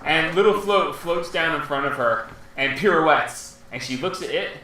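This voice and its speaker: A man running a tabletop game as game master, narrating with animated, playful storytelling. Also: on the high side, normal speed, crowd noise. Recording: echoey room, far from mic, noisy.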